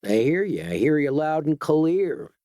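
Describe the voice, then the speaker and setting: A man's voice: fairly high pitch, very animated, a little slow, mellow, no echo, studio quality, voice pushed up. A man voicing a young male hoodlum who chews gum and drawls casually. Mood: placating. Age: young adult.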